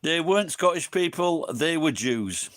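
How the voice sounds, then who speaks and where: English guy a bit drunk, rambling and swearing nonstop at his stream chat, voice on the high side. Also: animated, a little slow, fairly bright tone. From England. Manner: profane, rambling, swears constantly. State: tipsy from drinking. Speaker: livestreamer chatting with viewers.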